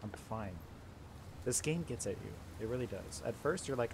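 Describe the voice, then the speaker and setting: Young dude gaming, lower voice, keeps telling himself he's fine, loud noisy recording. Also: lively intonation, normal speed. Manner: frustrated, self-reassuring, repeats himself. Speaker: gaming YouTuber. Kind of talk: gameplay commentary. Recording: loud background noise.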